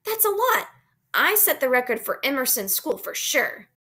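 A woman's voice: sits high, big pitch swings, normal speed, bright, forceful tone, voice pushed up, heavily acted. A woman reading aloud, voicing a boastful, sporty young schoolgirl in a storybook.

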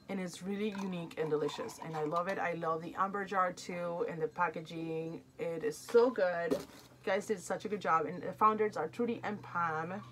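A woman's voice: mid-range voice, a little hiss or hum. A woman in her thirties, from Argentina, with a mid-range voice. She talks casually and emotionally through an unboxing, reading the product cards aloud between personal remarks. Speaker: unboxing vlogger.

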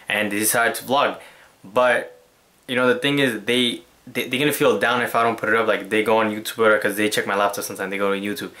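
Bright-voiced young man vlogging casually. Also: fairly low pitch. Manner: animated, slangy, acts out quotes. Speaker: vlogger host. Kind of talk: casual vlog chat.

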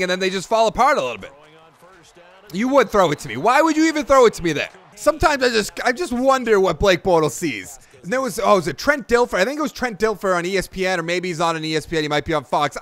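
A young man giving let's play commentary on a football video game, excitable, yelling at plays and then grumbling about them. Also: high voice, quick pace. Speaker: gaming YouTuber.

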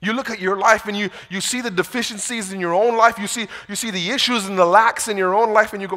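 A man preaching a sermon in a conversational way, rising to loud pleading and dropping to hushed quotes. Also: high-pitched, steady tone, fast talker, few pauses. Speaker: pastor. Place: large church hall. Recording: long church reverb.

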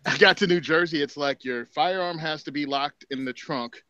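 A man's voice: on the high side, normal speed, clean tone, no echo. Man from Virginia on a dull remote line. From Southern Virginia. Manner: relaxed storytelling, country-style. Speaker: podcast guest. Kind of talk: casual chat.

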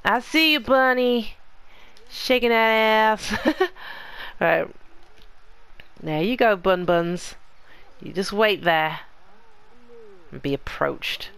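A woman's voice: fairly low pitch, extremely slow, gravelly, pauses often, clean tone, dry recording. A woman hosting a let's play, chatting casually to the characters in her game as she plays. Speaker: gaming channel host.

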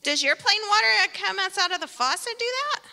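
A woman leads a children's sermon in a church sanctuary, with a playful object lesson and kids called by name. Her voice is high and bright. It trails off in the long reverb of the hall. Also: fairly quick. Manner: lively, playful, talks directly to kids by name.

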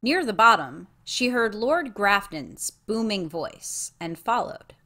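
A female narrator of a fan audiobook reading. She reads slowly with a lively, varied pitch.

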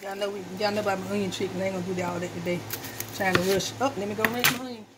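A woman's voice: medium pitch, fairly even intonation, rapid-fire, heavy background noise. A woman chatting casually to her viewers while she chops vegetables in her home kitchen, folksy and talkative. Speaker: cooking vlogger. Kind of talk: casual cooking demo talk. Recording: loud knife chopping and kitchen clatter.

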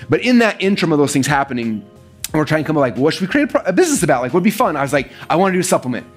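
A man telling a business story to an audience, fast and animated, acting out the quoted lines of other people. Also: breathy edge, soft background music. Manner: fast, animated, acts out quoted dialogue with big pitch jumps. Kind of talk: energetic storytelling talk.

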